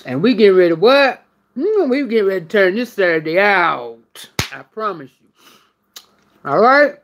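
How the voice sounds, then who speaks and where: A woman's voice: medium pitch, big pitch swings, moderate pace, muffled recording, slight background noise. A woman vlogging in a casual live stream while eating, chatting straight to her viewers.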